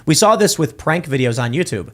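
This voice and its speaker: A man's voice: a little high, expressive, fairly quick, fairly bright tone. A man hosting a political talk show, arguing his point emphatically in casual chat. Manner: emphatic, argues with acted-out quotes. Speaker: podcast host.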